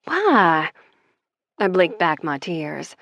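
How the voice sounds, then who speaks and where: A woman's voice: fairly low pitch, very animated, very slow, vocal fry, a bit bright, dry recording, highs cut off. A woman narrating a first-person romance audiobook in a wry, conversational way.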